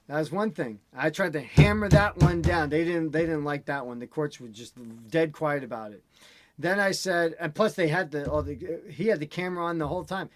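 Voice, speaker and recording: A man in casual chat, telling an animated, ranting story as host. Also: fairly high pitch, normal speed, a little hiss or hum.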